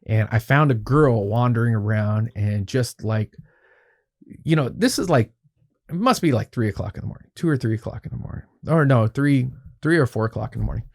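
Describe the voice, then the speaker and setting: A man of ordinary pitch spins a long yarn as a podcast guest. He swears freely and slips into the voices of the people in his story, telling it in a loose, casual way. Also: fairly quick, vocal fry. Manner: animated, profanity-laced, acts out quoted dialogue.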